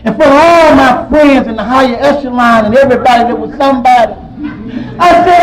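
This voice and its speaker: A man sharing his personal story at a recovery meeting, telling it with emotion, swinging from loud outbursts to quiet low stretches. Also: a little fast, a loud crowd, heavy background noise. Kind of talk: personal testimony.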